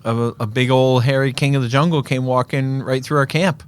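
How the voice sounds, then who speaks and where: A man co-hosting a film podcast in a relaxed, joking chat, with plenty of fillers and restarts. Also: medium pitch, fairly quick, a little hiss or hum. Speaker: podcast co-host. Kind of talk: casual chat.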